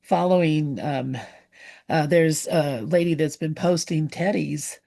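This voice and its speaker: A woman chats casually in a low, mellow voice. She pauses often and fills the gaps with "um" and "uh" as she gathers her thoughts. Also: steady tone, creaky. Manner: hesitant, many fillers. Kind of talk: casual chat.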